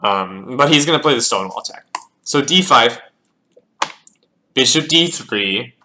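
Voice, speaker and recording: A man goes through his own chess games at an unhurried pace, thinking aloud and naming each move as it comes. His voice is bright and pushes forward, and he often stumbles and repeats himself in a relaxed, casual way. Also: mid-range voice, slight background noise. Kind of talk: casual game analysis.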